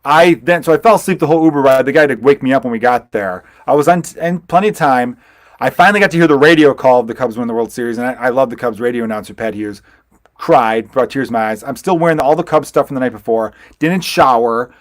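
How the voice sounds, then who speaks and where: A male podcast host, chatting casually at a medium pitch. He rambles through stories and swears freely. His voice is close and dry, with no room sound. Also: fast, dry recording. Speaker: podcast host, stand-up comedian. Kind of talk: casual chat.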